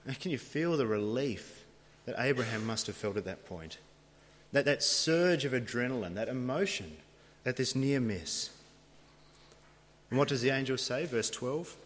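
A man's voice: mid-range voice, lively intonation, normal speed, slight background noise. A man preaching a sermon, retelling a scripture story in a dramatic storytelling manner. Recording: long reverb of a large hall.

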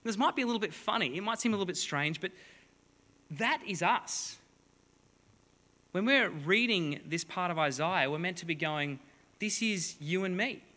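A man's voice: high voice, animated, moderate pace, long pauses, pushed and bright. A man preaching a sermon to a congregation, reading scripture and explaining it with playful, joking asides. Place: large hall before a congregation. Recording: long hall reverb.

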